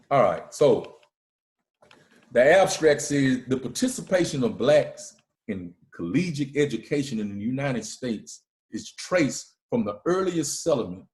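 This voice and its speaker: A man's voice: mid-range voice, a little mellow. Emphatic man lecturing in an echoey room. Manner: emphatic, repeats "all right?" to the listeners. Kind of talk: preaching lecture.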